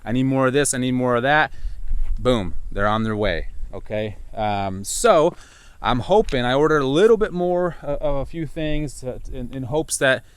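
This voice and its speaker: A man vlogging about building his own house, talking casually and rambling, his pitch jumping up whenever he quotes himself. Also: moderate pace, smooth, no echo. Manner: rambling, animated, jumps pitch when quoting himself. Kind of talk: casual talk to camera. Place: outdoors on a building site.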